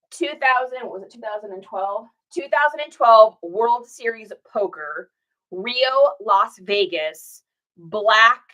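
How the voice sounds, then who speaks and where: A woman's voice: medium pitch, bright, forceful tone, poor audio. A woman reseller chatting casually to a livestream audience, giving listing tips in a chatty, conspiratorial way. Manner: chatty, conspiratorial, with lots of fillers. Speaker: clothing reseller.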